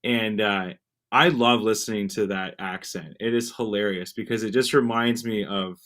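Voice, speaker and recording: A man's voice: on the low side, steady tone, normal speed, a bit bright. A man with a Canadian accent, chatting casually as a livestream guest over a video call and laughing often. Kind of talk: casual chat.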